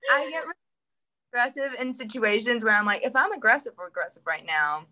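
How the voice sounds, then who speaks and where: A woman's voice: on the high side, animated, quick pace, bright, forceful tone. A woman guest on a podcast, talking casually in a direct, candid and playful way.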